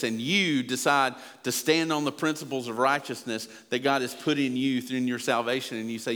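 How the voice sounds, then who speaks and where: Male pastor, earnest emphatic sermon delivery, mid-pitched voice, long hall reverb. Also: steady tone, normal speed, a bit bright, clear, resonant tone. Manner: earnest, emphatic preaching that builds in pitch and volume.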